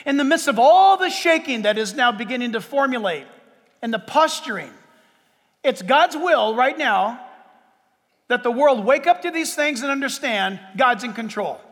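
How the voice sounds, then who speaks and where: A male pastor delivers a sermon in a strikingly high voice. He stretches out words with dramatic pauses, then breaks into loud bursts. A long reverb from a large hall follows every phrase. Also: expressive.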